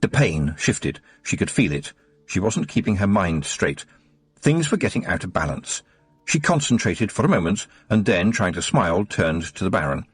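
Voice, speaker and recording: A man narrating an audiobook with expressive storytelling. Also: low-pitched, moderate pace, husky, no echo, soft background music. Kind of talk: scripted narration.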